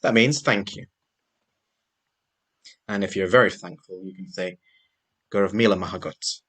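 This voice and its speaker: A male teacher giving a slow, clear, patient lesson to a young class, asking questions as he goes. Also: deep voice, fairly bright tone.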